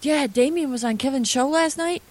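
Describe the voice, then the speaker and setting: A woman co-hosting a casual podcast chat, animated and swearing freely, with many restarts. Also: high-pitched, moderate pace. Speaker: podcast co-host.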